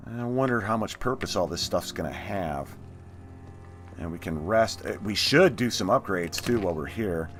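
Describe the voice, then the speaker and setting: Lowish-voiced guy chatting through a game, lots of swing in his voice, mumbles to himself here and there. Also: lively intonation, normal speed, slight background noise. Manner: chatty, muttering asides to himself. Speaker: let's play host. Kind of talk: casual gameplay commentary.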